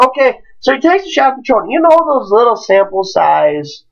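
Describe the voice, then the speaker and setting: A man's voice: high-pitched, normal speed, creaky, few pauses, lo-fi sound. Rowdy young man telling a drinking story. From Wisconsin. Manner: profane, animated, swings into quoted voices. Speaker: podcast host.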